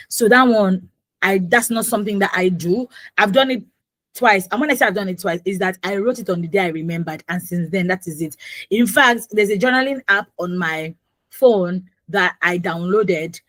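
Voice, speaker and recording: A woman's voice: medium pitch, no room sound. Nigerian woman, young adult, radio host; casual chatty delivery, dry studio sound. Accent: Nigerian, Yoruba-influenced. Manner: chatty, mixes in Pidgin and Yoruba phrases. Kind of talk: casual radio health talk.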